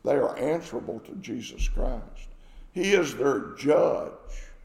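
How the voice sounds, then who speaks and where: A man's voice: medium pitch, expressive, takes it slowly, darkish tone. A man preaching a sermon, emphatic and repeating his phrases for stress. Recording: echoey hall with long reverb.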